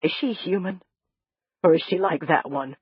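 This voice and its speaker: A frightened, confused woman whispers her questions anxiously, as a woman reading a novel puts her on. Her voice is breathy and hushed. The recording is dry and a little dull. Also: lowish voice, normal speed, dry recording.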